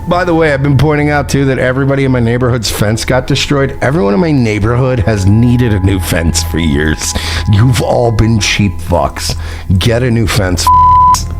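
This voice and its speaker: A man in his late thirties from New York, talking casually on a livestream in a profane, rambling way that readily turns into a rant. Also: fairly low pitch. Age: late 30s.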